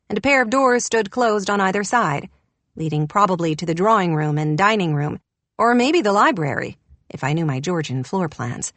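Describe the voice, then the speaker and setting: A woman's voice: mid-range voice, a bit bright, dry recording. A woman reading an audiobook in a wry, descriptive narration. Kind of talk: scripted narration.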